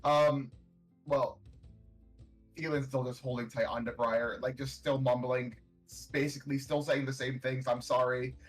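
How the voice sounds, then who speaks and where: A man's voice: medium pitch, flat delivery, a little slow, husky, faint music behind, poor audio. A man narrating as game master in a tabletop game, loose and full of fillers. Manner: loose, filler-heavy storytelling.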